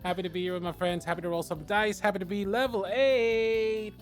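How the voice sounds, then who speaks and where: A man's voice: high voice, fairly even intonation, brisk, faint music behind. A man who owns the channel and plays in the game, easygoing as he greets the livestream. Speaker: channel owner and player. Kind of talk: casual livestream banter.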